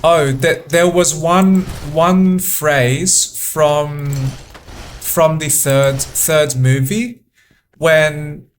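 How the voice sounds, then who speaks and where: A man giving relaxed let's-play commentary, stopping and repeating words as he thinks aloud. He talks extremely slowly in a fairly high voice, and faint room ambience sits behind him. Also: slight background noise. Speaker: gameplay commentator.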